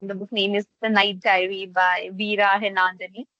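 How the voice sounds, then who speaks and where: Bright-voiced young woman, enthusiastic student. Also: mid-range voice, flat delivery, normal speed, dry recording. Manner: enthusiastic, with many fillers. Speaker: literature student. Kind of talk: casual discussion. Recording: dull dry lo-fi sound.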